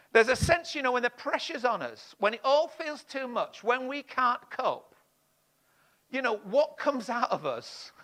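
Guy preaching, bright and pretty high, goes loud then real quiet for emphasis. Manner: expressive, swings between loud and hushed emphasis. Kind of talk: sermon.

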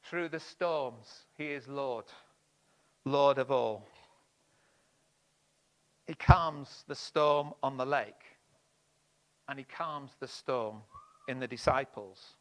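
A man preaching a sermon, expressive, swinging between loud emphasis and hushed lines. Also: medium pitch, takes it slowly, long pauses.

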